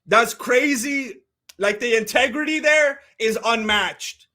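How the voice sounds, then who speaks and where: High, bright-voiced chatty man from California. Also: slow pace. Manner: rambling, chatty, heavy on "like" and "you know". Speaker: livestream fight commentator. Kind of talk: casual livestream chat reading comments.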